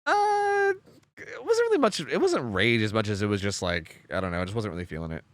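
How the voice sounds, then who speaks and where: A man's voice: fairly low pitch, sing-song, fairly quick, fairly bright tone, no echo, studio quality. A young man streaming and chatting casually, rambling with lots of fillers and casual swearing. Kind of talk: casual chat on a game stream.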